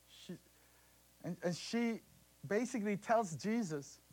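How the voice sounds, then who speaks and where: A man preaching a sermon, telling a scripture story with animated bursts and acted-out voices. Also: high-pitched, takes it slowly.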